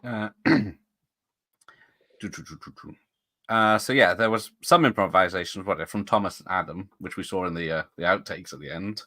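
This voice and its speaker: A man hosting an interview with a rather low but bright, forward voice. He asks casual, chatty questions and laughs along easily. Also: normal speed. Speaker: host.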